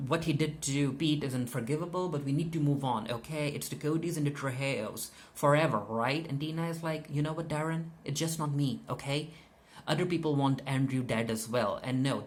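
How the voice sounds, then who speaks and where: A man talks through a TV episode recap at an ordinary pitch for his voice. He retells the scenes loosely, sums up what each character says, and stops now and then to restart a sentence. It sounds unscripted, like a casual review. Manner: hesitant, frequent fillers and restarts. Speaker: TV show reviewer.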